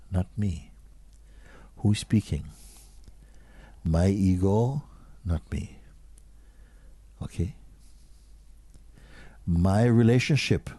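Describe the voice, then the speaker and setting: A man giving a slow, questioning spiritual talk to an audience, sometimes dropping to a near whisper. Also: low voice, warm tone, no echo. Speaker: spiritual teacher.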